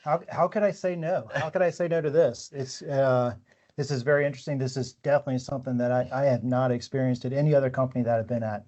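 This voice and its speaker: A man's voice: medium pitch, steady tone, fast talker, darkish tone, dull audio. A man, a new employee, answering questions in a casual chat and often repeating words as he starts. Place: company office.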